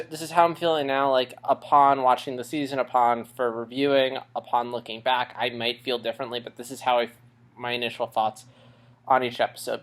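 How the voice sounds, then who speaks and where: Young male vlogger, a bit breathless, rambling casual talk, mid-range pitch. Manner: rambling, with restarts and shifts in loudness. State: a little out of breath after a run. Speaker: vlogger reviewing a cartoon series. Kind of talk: casual unscripted rambling vlog.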